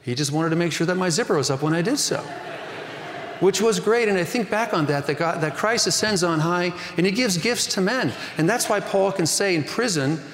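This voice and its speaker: Earnest preacher in an echoey hall. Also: male voice, high voice, expressive, a little fast, a bit bright, slight background noise. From Northern California. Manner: earnest storytelling preacher, rising emphasis. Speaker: pastor. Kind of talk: sermon.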